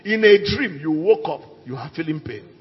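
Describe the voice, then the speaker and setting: A male pastor preaching a fiery sermon, dropping low and then shouting out declarations. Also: animated, moderate pace. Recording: echoey hall with dull sound and faint music.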